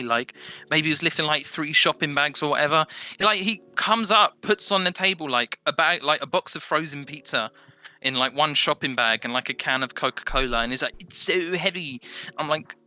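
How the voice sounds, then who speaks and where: A young Englishman appears as a podcast guest, telling stories in casual conversation. He's animated and swears freely, speaking briskly in a slightly high voice.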